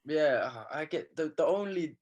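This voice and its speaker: A young man from England, telling animated stories with lots of slang in a casual interview. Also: on the high side, moderate pace. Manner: animated storytelling, slangy, acts out quotes. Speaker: guest.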